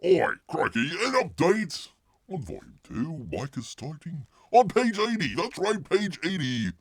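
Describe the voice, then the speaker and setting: A man putting on a bad Australian accent as a hammy, loud caricature of an Australian bloke. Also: on the high side, big pitch swings, measured pace, husky, no room sound, voice pushed up, heavily acted. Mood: boisterous. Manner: exaggerated put-on accent, loud and drawn out.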